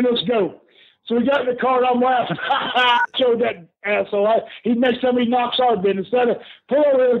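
Casting: older guy with a high voice, chatty storyteller, over a tinny phone line. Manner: lively yarn-spinner who laughs often and says "brother". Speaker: guest, retired pro wrestler. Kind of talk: animated storytelling in an interview. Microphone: phone call.

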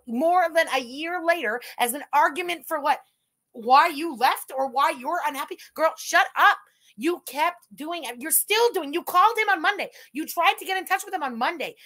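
A high, bright woman's voice hosts a live reaction stream. She answers each clip with sarcastic, mocking retorts and a sharp, pointed edge.

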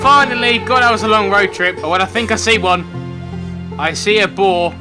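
A young man giving excitable let's-play commentary, yelping and shouting whenever something surprises him. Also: high voice, moderate pace, music in the background. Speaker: gaming commentator.

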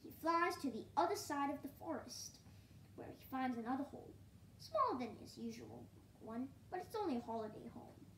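A woman reading a children's story aloud in a gentle, hushed way that often drops near a whisper. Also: high-pitched, big pitch swings, moderate pace, echoey room, a little hiss or hum.

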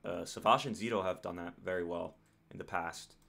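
A man's voice: low-pitched, a little fast, vocal fry, sharp tone. An American man hosting a reaction video, commenting casually and rambling with lots of fillers and self-corrections. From United States.

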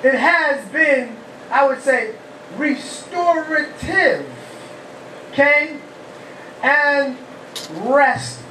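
A rabbi gives a lively call-and-response sermon, asking the congregation questions and shouting praise. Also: male voice, extremely high pitch, drawn-out words, long pauses, slight background noise. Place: humid, warm house of worship. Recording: echoey hall, mic far off.

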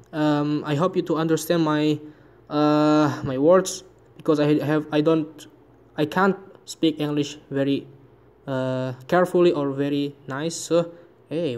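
A man vlogging casually about phone apps, speaking halting English with frequent restarts and searches for words. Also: fairly high pitch, a little mellow, a little hiss or hum. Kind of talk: casual phone-app vlog.

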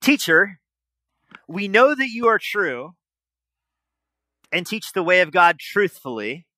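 A smooth, flattering ancient questioner addresses his teacher with a lifted, slightly sugary voice, as a preacher reads him out. The tone is bright and sits higher than a plain speaking voice. The sound is dry and close. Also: slow pace, dry recording, full character voice. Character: flattering male Herodian questioner.

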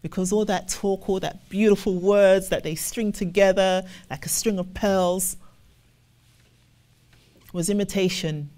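A woman preaching and reading scripture slowly and solemnly, expressive and acting out other people's replies. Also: mid-range voice. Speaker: ministry officer.

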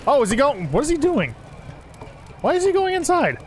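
A young man giving joking, animated commentary while playing a game, swearing and talking to the characters. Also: extremely high pitch, normal speed, soft background music. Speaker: gaming channel host. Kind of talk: casual gameplay commentary.

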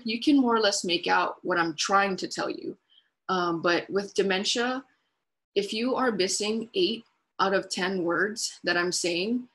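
A woman's voice: medium pitch, a bit bright. A woman presenting a webinar on dementia care, explaining patiently with everyday examples and simple repeated phrases.

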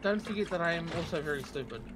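A woman playing along with a friend, teasing her and swearing with loud exclamations. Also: on the low side, lively intonation, fast talker, noisy background. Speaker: co-player friend. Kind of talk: casual gaming chat.

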